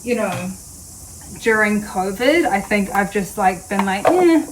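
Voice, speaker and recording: A woman's voice: mid-range voice, steady tone, measured pace, noisy background. A woman, chatting casually to camera in a rambling vlog. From New Zealand. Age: late 20s. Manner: rambling, chatty, with frequent fillers. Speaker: vlogger.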